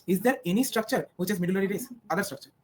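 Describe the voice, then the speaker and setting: A woman's voice: mid-range voice, very fast. A young woman with an Indian accent asking quiz questions, probing and steering the contestant with short prompts.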